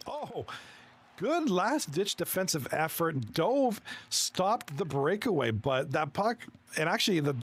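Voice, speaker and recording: Man, live esports hockey commentary, fairly high voice, excitable, chatty with viewers. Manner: excitable, quick reactions to plays, chuckles often; chats with viewers between plays.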